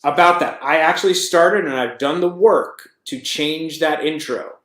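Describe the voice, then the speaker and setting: A man co-hosting a loose podcast chat, upbeat and quick to cut in with a teasing joke. His voice sits a touch high for a man. It rings around an echoey room. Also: fairly bright tone. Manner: upbeat, teasing, jumps in with jokes. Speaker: co-host.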